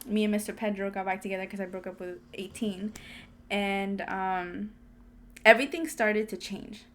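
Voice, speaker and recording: Speaking at normal speed with a medium-pitched voice, a young woman shares a personal anecdote while co-hosting a podcast. Her delivery is animated and full of laughter, and she voices the quotes of the people involved.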